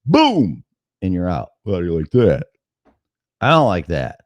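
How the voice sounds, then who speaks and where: A middle-aged man with a low voice rambles through a profane personal story. His pitch leaps and dives as he talks. The sound is dry and close. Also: big pitch swings, moderate pace, no echo. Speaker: show host. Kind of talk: casual monologue.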